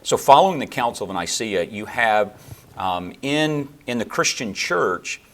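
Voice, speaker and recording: A man answering interview questions on theology in a measured, lecturing way, with fillers and restarts. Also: fairly low pitch, animated. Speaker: theologian guest.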